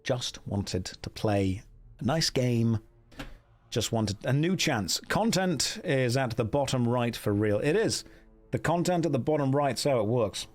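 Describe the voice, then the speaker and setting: A man on a live stream plays through a gamebook, reading passages aloud and bantering with chat. His voice sits at a middling pitch but swings widely and animatedly. Faint music plays underneath. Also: a little slow. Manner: animated, chatty, reads story passages aloud to viewers.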